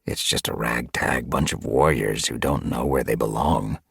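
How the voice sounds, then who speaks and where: A man voicing a blunt, disillusioned male warrior cat in a storybook reading, speaking flatly in his own low register. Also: moderate pace, creaky, breathy edge, no room sound, studio quality, exaggerated voice.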